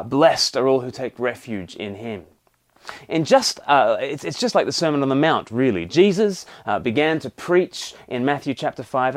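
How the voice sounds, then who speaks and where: A married man preaching a sermon, explaining scripture and reading passages aloud with emphasis. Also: medium pitch. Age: adult, married.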